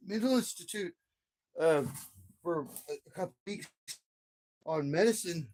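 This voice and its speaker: A middle-aged man on a home livestream talks unhurriedly, leaving long pauses, in an expressive voice on the high side with a darkish tone. He rambles, swears a lot, and repeats himself.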